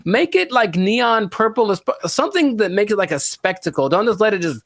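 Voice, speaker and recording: A man co-hosting a podcast in casual chat, rambling in an animated way and laughing as he talks. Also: high-pitched, brisk, vocal fry, a little hiss or hum. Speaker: podcast co-host.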